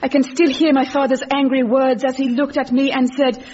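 An actress playing a melodramatic woman reunited with an old flame, slipping into deadpan asides, in a radio comedy. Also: high-pitched, fairly quick, breathy edge. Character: dramatic woman returning to a lost lover. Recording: muffled recording with hiss.

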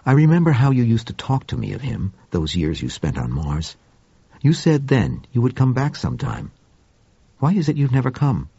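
A man voicing a gentle, furry male Martian with a soft, sibilant, formal way of speaking, in an audiobook reading. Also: mid-range voice, very animated, vocal fry, breathy edge, no echo, lo-fi sound, heavily acted. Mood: calm. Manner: measured, formal speech.

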